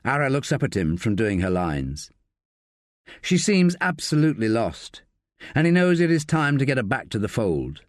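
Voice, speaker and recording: A man narrates an audiobook from a script, measured and expressive in his delivery. His pitch is medium, and the recording is dry, with clean studio sound.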